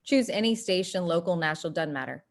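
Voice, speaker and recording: A woman from North Texas, presenting an online workshop and acting out quotes in lively voices. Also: fast talker. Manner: animated, acts out quoted voices with big pitch jumps.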